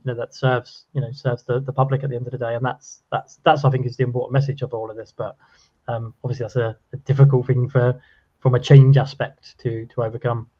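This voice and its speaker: A man's voice: mid-range voice, flat delivery, fast talker, highs cut off. A man speaking thoughtfully and hesitantly on a webinar panel, with many fillers and restarts.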